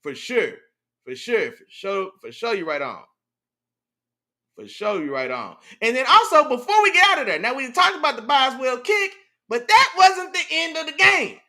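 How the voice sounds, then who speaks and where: Excitable high-voiced man talking football. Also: normal speed. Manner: animated, slangy, repeats "you know what I'm saying". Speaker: podcast host. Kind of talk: casual sports talk with live chat.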